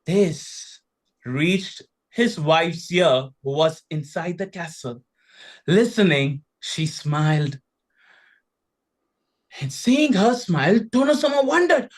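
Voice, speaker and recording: A man from India, telling a folktale slowly and expressively with dramatic pauses. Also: on the high side, sing-song. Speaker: storyteller.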